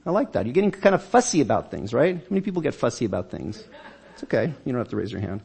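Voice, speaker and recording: A man's voice: medium pitch, very animated, racing, gravelly, a little mellow, slightly rough. A man preaching a sermon as pastor of a church, talking in a conversational way and often repeating and restarting words.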